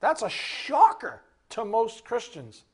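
A man giving a sermon as a Bible teacher, animated, asking rhetorical questions and acting out little scenes. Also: extremely high pitch, slow, husky.

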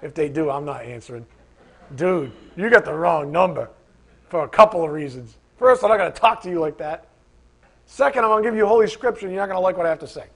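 Guy preaching, talks casual but punchy, voice a bit on the high side. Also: lively intonation, fast talker, fairly bright tone. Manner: conversational, emphatic, acts out imagined voices. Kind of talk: sermon.

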